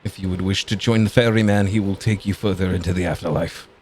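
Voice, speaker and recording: A man's voice: deep voice, fairly even intonation, fast talker, darkish tone, a little hiss or hum, lightly acted. A man voicing a polite, deferential attendant who apologizes and offers help in a tabletop game. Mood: apologetic.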